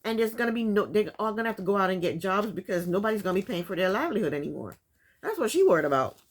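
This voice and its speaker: A woman's voice: medium pitch, big pitch swings, racing. A woman casually recapping a reality show, chatty and sassy, often breaking into laughs.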